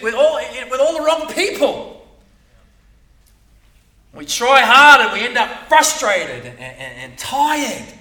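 A man's voice: high-pitched, sharp tone. A man preaching a sermon in a conversational way, often repeating words and checking in with "right?". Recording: echoey room, voice from a distance.

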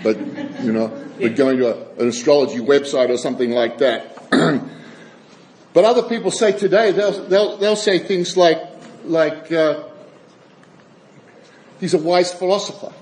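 Halting, wry male preacher. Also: a little high, darkish tone, low-quality recording. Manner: halting restarts and wry chuckling asides. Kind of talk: sermon with scripture reading.

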